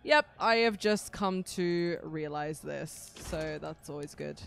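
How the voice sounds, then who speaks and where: A woman's voice: low voice, takes it slowly, vocal fry, a bit bright, faint music behind. A woman streaming a game and reacting to it with blunt, sweary commentary. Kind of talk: live gameplay commentary.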